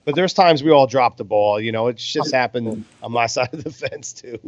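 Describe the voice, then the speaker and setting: A man's voice: medium pitch, normal speed, few pauses, no room sound. A man co-hosting a casual boxing podcast, commentating on fights over beers in a laid-back, sweary way. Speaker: podcast co-host. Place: home in Las Vegas. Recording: dull, dry lo-fi sound.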